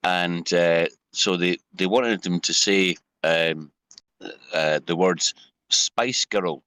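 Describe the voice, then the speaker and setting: Man, casual storytelling, sweary, many fillers, lowish bright voice, dry sound. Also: slow, clean tone, no room sound, poor audio. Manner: rambling, sweary, full of fillers. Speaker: livestream panelist.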